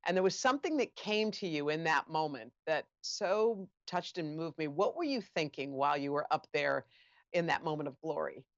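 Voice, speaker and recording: A woman's voice: deep voice, animated, moderate pace, no echo, highs cut off. A woman interviewer on stage, reacting with feeling as she asks her questions. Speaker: interviewer, TV co-anchor.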